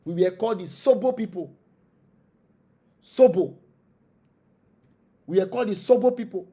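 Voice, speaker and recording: A Nigerian-accented man speaks at a normal speed in a high, dark-toned voice. He is a traditional spiritual leader appearing as an interview guest, delivering an impassioned monologue that preaches through rhetorical questions and repeated phrases.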